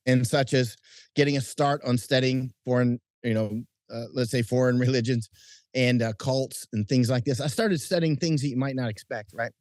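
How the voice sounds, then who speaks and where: Under lights outdoors at night, a middle-aged combat correspondent chats casually as an interview guest, telling lively stories, often restarting and chuckling. He has a mid-range voice in a dry, studio-quality recording.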